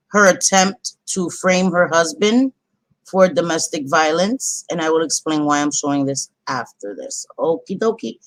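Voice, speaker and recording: A woman's voice: fairly low pitch, no echo. Chatty woman livestreamer, dry sound. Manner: chatty, apologetic, easily interrupted. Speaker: livestream host. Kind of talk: casual live commentary.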